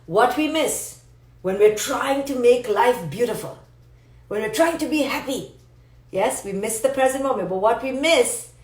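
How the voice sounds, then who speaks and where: Animated woman teaching live, roomy sound. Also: a little high, a little slow. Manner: animated, playful, answers viewer comments. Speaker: psychologist giving a live talk. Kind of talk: live-stream motivational teaching. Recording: roomy echo.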